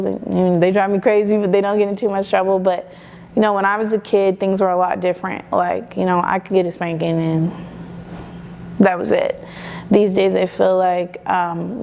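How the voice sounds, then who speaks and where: A woman's voice: mid-range voice, darkish tone, a little hiss or hum. A young adult woman, a mother, talking candidly in a casual interview, with many fillers. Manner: chatty and candid, many "you know" and "like" fillers.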